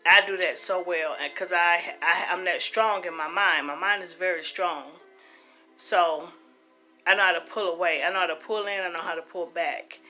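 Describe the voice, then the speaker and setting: A woman's voice: on the low side, steady tone, normal speed, pushed and bright, faint music behind. A middle-aged woman talking earnestly and emphatically about her own life, repeating phrases for stress. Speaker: host. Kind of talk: personal testimony talk.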